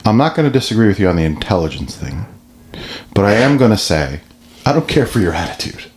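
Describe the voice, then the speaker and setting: Middle-aged man, podcast co-host, low voice, swinging pitch, teasing, faint hiss. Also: sing-song, fast. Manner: jokey and teasing, fond of silly voices. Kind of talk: casual chat.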